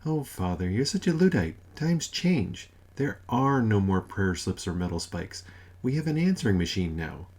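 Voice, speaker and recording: Placating old mother figure, gently condescending, voiced by a male narrator. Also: lowish voice, very animated, moderate pace, husky, exaggerated voice. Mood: soothing. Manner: soothing, placating, mildly condescending. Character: elderly motherly wife, sweetly patronizing.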